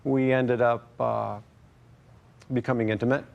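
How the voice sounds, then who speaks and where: A middle-aged man telling his story in court, halting and full of fillers. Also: mid-range voice, little pitch movement, vocal fry, dull audio. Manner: hesitant, halting, many fillers. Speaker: plaintiff. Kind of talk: testimony in court.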